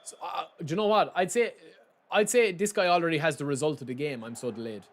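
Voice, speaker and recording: A man streaming a football game, talking in a chatty, joking way straight to his viewers. His voice sits a little higher than most men's. The commentary stays loose and casual throughout. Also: quick pace. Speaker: gaming streamer. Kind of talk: casual live gameplay commentary.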